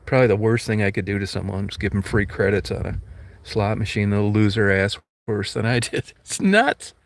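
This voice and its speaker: A man's voice: fairly low pitch, flat delivery, brisk, gravelly. A man talking casually and bluntly, rambling through stories and acting out quotes, with some swearing. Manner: blunt, profane storytelling with acted quotes.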